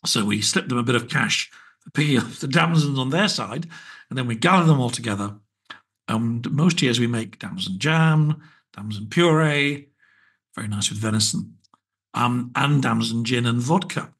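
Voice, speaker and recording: A man's voice: medium pitch, moderate pace, a bit bright, husky. A British man hosting his podcast alone, chatting in a wry, rambling way full of small asides. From Britain. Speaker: podcast host. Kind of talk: casual solo podcast chat.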